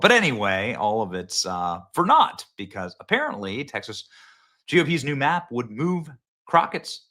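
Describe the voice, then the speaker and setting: A man's voice: sits low, bright, forceful tone. A male host giving sarcastic, mocking political commentary in a casual style.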